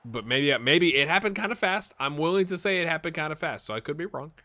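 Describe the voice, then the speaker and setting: A man giving casual, amused commentary while playing a football management game, getting excited during the action. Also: on the high side, fast talker. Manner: chatty, amused, jumps to excited play-by-play. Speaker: gaming YouTuber. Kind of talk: casual let's-play commentary.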